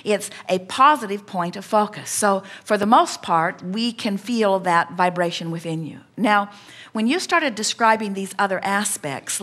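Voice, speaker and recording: A woman speaking as a collective "we" at a spiritual seminar, coaching a participant in a measured, reassuring way. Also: medium pitch, a bit bright.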